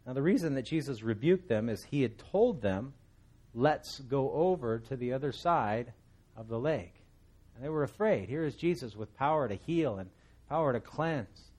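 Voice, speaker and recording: Middle-aged male pastor, slightly husky, easygoing and rambling, paints vivid scenes. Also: mid-range voice, normal speed. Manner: relaxed, rambling, vivid storytelling asides. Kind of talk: conversational Bible teaching.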